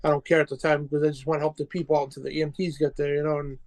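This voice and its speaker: A man's voice: fairly high pitch, level tone, racing, darkish tone. A man in a casual talk show conversation, earnest and plainspoken.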